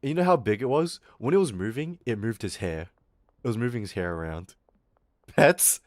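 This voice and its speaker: A young man streaming, telling a school story in a casual, animated, swearing way. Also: medium pitch, normal speed, no echo, studio quality.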